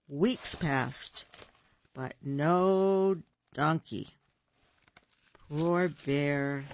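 A storyteller reading a children's picture book aloud in a slow, rhythmic, sing-song way. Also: medium pitch, no echo, highs cut off.

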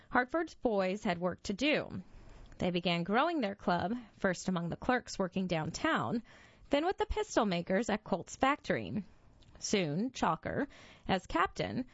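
A woman's voice: dry recording, muffled recording. A woman narrating a scripted history story with dramatic storytelling. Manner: dramatic storytelling with lively pitch.

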